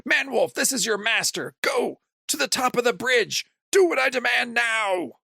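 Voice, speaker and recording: A man's voice: very high voice, lively intonation, normal speed, gravelly, bright, forceful tone, slightly rough, no echo, studio quality, voice pushed up, full character voice. A man voicing a scheming older male villain who gives orders melodramatically. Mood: commanding. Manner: commanding, melodramatic.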